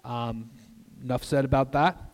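A man's voice: medium pitch, steady tone, measured pace. Older man preaching in a reverberant church. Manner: earnest preaching with asides and soft drops for emphasis. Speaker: guest pastor. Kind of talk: sermon. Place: church sanctuary. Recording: long reverb of a church hall.

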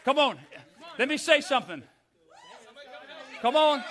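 An older man preaching a fiery sermon in a church, building up to shouts. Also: very high-pitched, very animated, unhurried, pauses often, some chatter behind. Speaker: pastor.

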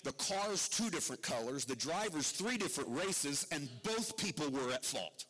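A man's voice: very animated, normal speed, a little hiss or hum. Man preaching in a reverberant church. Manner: wide swings between loud emphatic and low quiet delivery. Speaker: pastor. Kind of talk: sermon. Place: church sanctuary. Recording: long reverb of a large hall.

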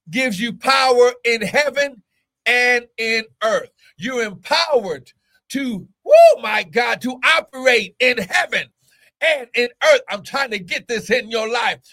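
High-voiced, fiery male preacher. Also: expressive, slow, sharp tone. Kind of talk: fiery sermon to an online audience.

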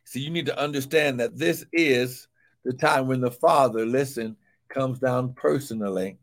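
A man preaching a live sermon, fervently calling out praise and shouting scripture, then dropping to a low murmur between shouts. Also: normal speed.

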